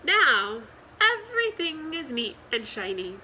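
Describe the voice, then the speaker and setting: A woman's voice: high voice, very animated, unhurried, sharp tone, a little hiss or hum, voice pushed up, heavily acted, rough recording. A woman voicing a fussy, tidy farmer's wife who speaks in a prim, exclaiming way.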